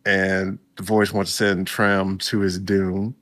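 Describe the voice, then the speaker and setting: A man's voice: low voice, flat delivery, takes it slowly, a bit bright. A man casually recapping a story for his viewers, chatty and laid-back, breaking in with reactions. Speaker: video host recapping a story.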